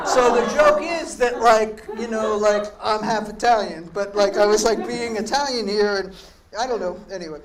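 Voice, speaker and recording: A man's voice: high voice, slow pace, long pauses, a crowd in the background. A middle-aged man, a poet performing live in a gallery, who chats in a rambling, profane, self-deprecating way between readings. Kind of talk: live spoken-word performance with banter. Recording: echoey room, distant mic, faint noise.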